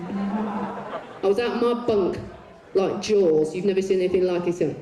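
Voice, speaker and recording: A woman telling bawdy, swearing stories on a concert stage, with deadpan comic asides. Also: mid-range voice, moderate pace. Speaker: poet performing on stage. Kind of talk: live stage storytelling. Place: large concert arena on stage. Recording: echoey arena heard from far off.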